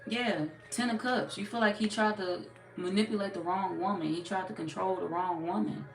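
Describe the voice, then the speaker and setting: A woman giving a casual live tarot reading. She talks bluntly and profanely, chats with her viewers, and is slightly hoarse from losing her voice. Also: medium pitch, steady tone, moderate pace, faint music behind. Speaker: tarot reader. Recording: echoey room, distant mic, background noise.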